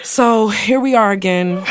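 A woman's voice: mid-range voice, slow pace, no room sound, clean studio sound. A young woman co-hosting a podcast, chatting casually in a playful, dramatic way and laughing often. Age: young adult. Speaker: podcast co-host. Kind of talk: casual chat.

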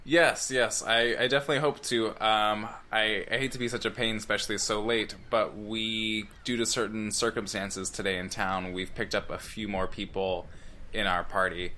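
Bright-voiced man playing a tabletop character. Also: lowish voice, level tone, moderate pace. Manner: eager, playful. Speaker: player. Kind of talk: in-character tabletop role-play.

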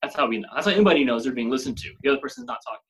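A man with a husky, slightly breathy voice at an ordinary middle pitch. He talks casually on a podcast and works through his points with everyday examples. He fills the gaps with plenty of "like" and "you know.". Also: expressive, racing, fairly bright tone, poor audio. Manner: explains with examples, many fillers.

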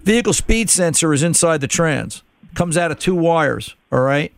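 A middle-aged man with a gravelly voice hosts a call-in radio show. He talks through the problem step by step in a loose, conversational way, doubling back on words as he goes. His voice is fairly high for a man and sits dry and close on the studio mic. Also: lively intonation, moderate pace, no room sound. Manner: explanatory, conversational, repeats words while thinking. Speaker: radio car-repair show host.

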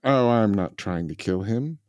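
رجل يلعب لعبة أدوار على الطاولة، يتكلم بمرح ويدخل في شخصيته. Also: male voice, fairly low pitch, expressive, measured pace, darkish tone, no echo, lo-fi sound. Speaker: player. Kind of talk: playing a tabletop game.

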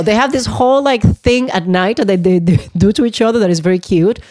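A woman co-hosting a casual family podcast, telling animated stories and acting out her family's lines. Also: medium pitch, a little fast, hardly any pauses, dry recording. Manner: animated storyteller, acts out family members' lines. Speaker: podcast co-host.

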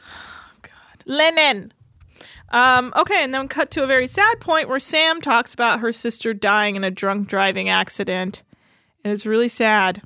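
A woman's voice: fairly high pitch, normal speed, sharp tone, no echo, clean studio sound. A woman co-hosting a podcast, bantering playfully in casual conversation. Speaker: podcast co-host. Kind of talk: casual comedic chat.

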